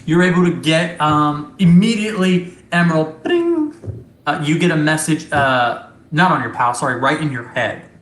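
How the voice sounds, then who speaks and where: A man's voice: fairly high pitch, normal speed, few pauses, fairly bright tone, reverberant. A man acting as game master, talking loosely and chattily and laughing easily. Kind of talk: running a tabletop game.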